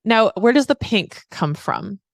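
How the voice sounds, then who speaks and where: A woman's voice: mid-range voice, expressive, a little slow, creaky, no room sound, studio quality. A woman hosting a podcast interview who chats in an upbeat, casual way with her guest. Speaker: podcast host.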